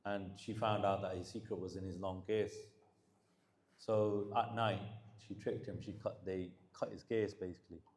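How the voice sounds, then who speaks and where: Low-voiced man preaching a religious talk. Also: steady tone, moderate pace, a little mellow, roomy sound. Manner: mixes English with Punjabi phrases, grows more emphatic as he preaches. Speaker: Sikh preacher.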